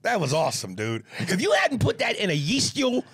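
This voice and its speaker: A middle-aged man co-hosting a podcast, joking and talking crudely in animated, casual chat. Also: high voice, brisk, a little hiss or hum. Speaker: podcast co-host.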